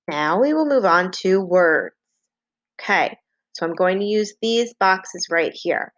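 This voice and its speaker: A woman teaching a phonics lesson to young children, slowly and patiently dictating and spelling out words. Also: medium pitch, animated, a bit bright, no echo, muffled recording. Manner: slow, clear, patient dictation with repeated words.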